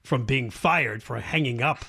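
A man's voice: mid-range voice, measured pace, gravelly, bright, forceful tone, slightly rough. A man co-hosting a talk radio show, telling news stories in an indignant, conversational way.

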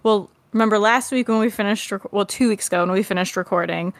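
A woman's voice: mid-range voice, fast talker, dry recording. A woman co-hosting a podcast, chatting casually and reading out case details. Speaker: podcast co-host. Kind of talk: casual chat.

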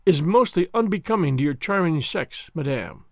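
A man's voice: fairly high pitch, animated, moderate pace, vocal fry, dry recording, clean studio sound. A man voicing a regal male prince with a courtly, drawling manner. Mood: gracious. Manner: courtly, drawling, alternately cold and gracious.

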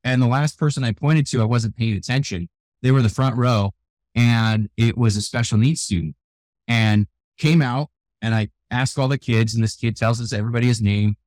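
An older man with gray hair, a youth keynote speaker, telling animated stories in a radio interview. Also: medium pitch, moderate pace, dry recording. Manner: energetic, animated storyteller who acts out quotes. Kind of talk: storytelling interview talk. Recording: dry close sound, radio show.

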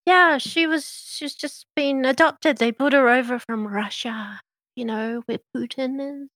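A woman's voice: high voice, measured pace, fairly bright tone, pitched above the performer's own voice. A woman voicing a bubbly, chatty female diner owner who gossips freely.

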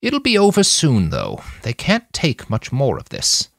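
A man voicing a sharp-tongued, slightly drunk woman leader who speaks with a slur. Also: medium pitch, huge pitch swings, measured pace, gravelly, dry recording, studio quality, voice pushed up, full character voice. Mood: tipsy, sharp. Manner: snappish, slightly slurred.

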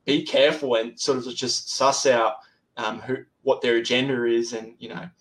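A man's voice: medium pitch, fairly even intonation, moderate pace, poor audio. A man appearing as a podcast guest, talking casually and hesitantly with frequent restarts. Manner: hesitant, restarts words often. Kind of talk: casual interview chat.

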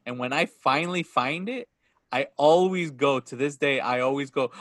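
A man in casual conversation who acts out quoted lines with a lively, raised voice. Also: a little high, moderate pace, dry recording, clean studio sound. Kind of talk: casual chat.

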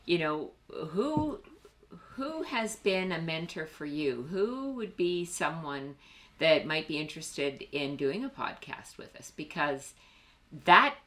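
A woman's voice: sits low, very animated, takes it slowly, fairly bright tone. A woman co-hosting a casual podcast, chatty, with many fillers. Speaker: podcast co-host.

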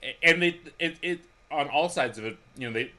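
A man's voice: a little high, brisk, bright, forceful tone. A man co-hosting a casual chat, thinking aloud as he talks. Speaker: podcast co-host.

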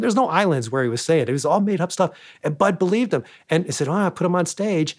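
A quick, rapid-fire man with a somewhat high voice, spinning comedy club anecdotes as an interview guest. He acts out the lines of the people in his stories, and his delivery stays lively. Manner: animated anecdotes, acting out quoted lines. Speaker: former comedy club manager.

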